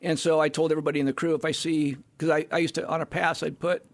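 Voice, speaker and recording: A middle-aged man with a gravelly, creaky edge to a slightly high voice tells backstage stories as a podcast guest. His delivery is animated and peppered with profanity. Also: fast. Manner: animated anecdote-telling with profanity. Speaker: band manager guest. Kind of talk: storytelling in a podcast interview.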